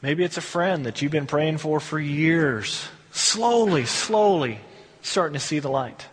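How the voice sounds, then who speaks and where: High-voiced pastor preaching in a reverberant hall. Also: male voice, normal speed, fairly bright tone, breathy edge. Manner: conversational, emphatic, rhetorical questions. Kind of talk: sermon.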